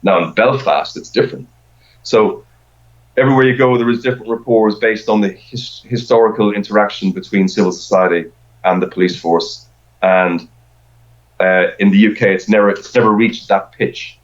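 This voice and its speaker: Deep-voiced middle-aged man, lo-fi. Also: normal speed. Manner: rambling, with frequent repeated words and restarts. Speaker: podcast guest. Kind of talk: casual conversation. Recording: dull lo-fi sound.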